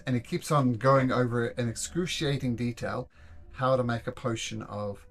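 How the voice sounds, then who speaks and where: A man's voice: medium pitch, fairly even intonation, moderate pace. Laid-back male game master. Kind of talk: narrating a tabletop game.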